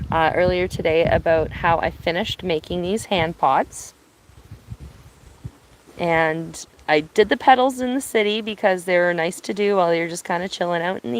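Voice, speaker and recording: A woman from Ontario chatting casually on an outdoor live stream, speaking softly, answering viewers and laughing easily, filming on her phone. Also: fairly low pitch, slight background noise, poor audio. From Ontario, Canada. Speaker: live-streaming bird watcher. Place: outdoors at a cottage. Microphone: phone on binoculars, held by hand.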